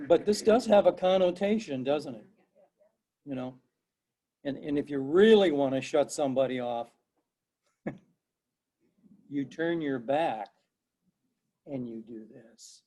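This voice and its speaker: A man's voice: on the high side, unhurried, long pauses, mellow. A middle-aged man, a professor, giving an online class lecture in a conversational way, repeating himself and quizzing his students.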